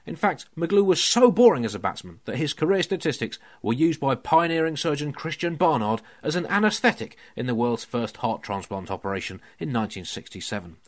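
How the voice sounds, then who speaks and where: A man's voice: mid-range voice, expressive, fairly quick, few pauses. A man hosting a comedy podcast, delivering a scripted monologue in a dry, mock-serious way. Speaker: podcast host. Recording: music playing underneath.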